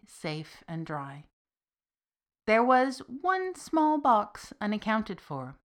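Woman reading a story podcast, mid pitch, slow careful delivery, soft endings. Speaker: podcast narrator. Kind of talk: scripted narration of a fiction podcast.

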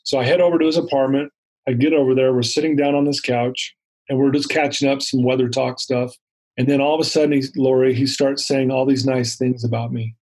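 A man recounting a personal story in an interview, animated and acting out the dialogue. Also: medium pitch, brisk, rough recording. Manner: animated retelling with acted-out dialogue. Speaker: interview guest.

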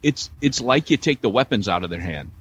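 An American man co-hosting a podcast, telling stories in casual chat with a joking, animated manner. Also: mid-range voice, brisk, highs cut off, slight background noise. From United States. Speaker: podcast co-host. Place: San Diego area.

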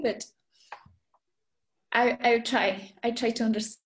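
Woman, spanish accent, slow halting speech, higher voice, echoey room. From Guatemala. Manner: halting, searches for words, frequent fillers, laughs often. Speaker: guest, Spanish teacher. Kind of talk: casual interview chat.

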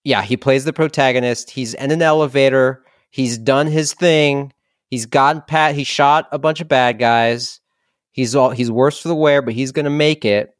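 A man co-hosting a comedy podcast, walking through movie scenes with animated, playful storytelling. His voice sits mid-range and sounds close and dry, with no room echo. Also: medium pitch, normal speed, clear, resonant tone. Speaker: podcast co-host. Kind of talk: casual comedic chat about movies.

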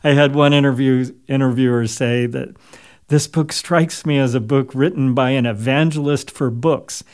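A man being interviewed as an author, speaking in a thoughtful, measured way with frequent pauses. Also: medium pitch, steady tone, a little mellow, smooth. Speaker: author and guest. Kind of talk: reflective interview talk.

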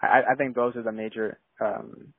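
A man's voice: on the low side, steady tone, moderate pace, creaky, husky. A young man from San Diego, a filmmaker guest, talking casually and rambling with lots of "like" and restarts. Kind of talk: casual interview chat. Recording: tinny phone-like line.

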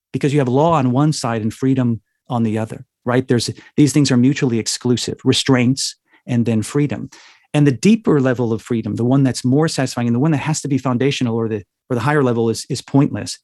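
A reflective man talks through theology in an easy conversational tone, often pausing to check in with a quick question. His voice sits at a middle pitch, and the recording is dry and close. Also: a little mellow, no echo. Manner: reflective, explanatory, frequent "right?" tag questions. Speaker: guest, minister.

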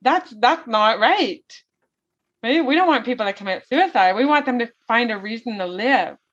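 A woman's voice: fairly high pitch, animated, normal speed, fairly bright tone. A woman speaking as an interview guest, telling her story in an earnest, heartfelt way. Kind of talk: interview conversation. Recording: dull lo-fi audio.

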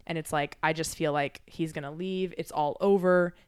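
A woman's voice: low voice, steady tone, moderate pace, smooth. A woman in casual chat as a podcast guest, speaking candidly and reflectively, swearing freely and using lots of filler words.

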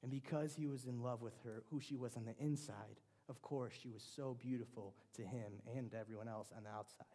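A man preaches in a relaxed, conversational way and often restarts his phrases. His voice sits in a mid register with a mellow, warm tone. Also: mid-range voice, brisk, few pauses. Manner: conversational, with frequent restarts and fillers. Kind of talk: sermon.

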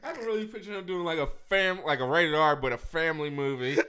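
A man co-hosting a casual movie chat, animated and quick to laugh, with the hiccups. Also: fairly high pitch, clear, resonant tone. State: has the hiccups. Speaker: podcast co-host.

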